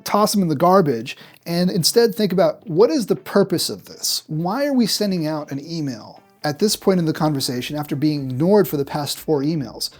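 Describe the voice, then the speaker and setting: Male presenter, direct and punchy, mid-high voice, tutorial delivery. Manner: direct, punchy, acts out examples. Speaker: marketing executive presenting a tutorial. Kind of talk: direct-to-camera business tutorial.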